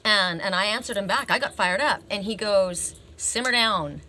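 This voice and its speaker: A woman's voice: mid-range voice, moderate pace, sharp tone, a little hiss or hum. A woman reading oracle cards, telling a personal story in a chatty, emphatic way and often checking in with "right?". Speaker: oracle card reader.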